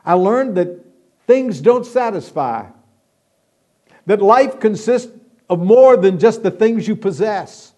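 A man preaching a sermon, emphatic, swelling loud and then dropping to a hush. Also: sits high, lively intonation, slow pace, long pauses.

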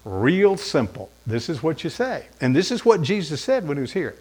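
A man preaching an Easter sermon, emphatic and direct, asking rhetorical questions and pausing for effect. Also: high-pitched, big pitch swings. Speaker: pastor.

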